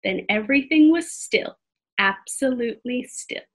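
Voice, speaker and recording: A woman reading a children's chapter book aloud expressively, pausing to talk to her listeners. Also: a little high. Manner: expressive, pauses to comment to listeners. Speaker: storybook reader.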